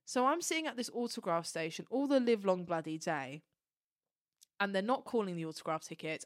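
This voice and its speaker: A woman co-hosting a fan podcast, telling a long story in a gushing, animated way and swearing casually. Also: medium pitch, no echo, studio quality. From Turkish heritage. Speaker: podcast co-host. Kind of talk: casual chat.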